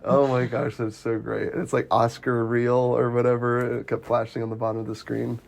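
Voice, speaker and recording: A man co-hosting a casual movie chat, giggling often and acting out quotes in a high voice. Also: level tone, normal speed, gravelly. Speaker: podcast co-host.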